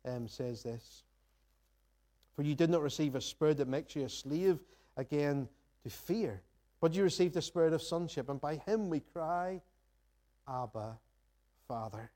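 A man delivers a sermon from the front of a church with a mellow, warm tone. He speaks earnestly and reflectively, reading scripture aloud and asking the congregation searching questions. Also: a little high, normal speed. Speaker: pastor. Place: church sanctuary.

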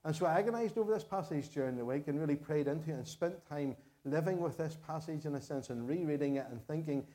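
Northern Irish male pastor, mellow voice, earnest sermon delivery, repeats phrases for emphasis. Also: fairly high pitch, fast talker, few pauses.

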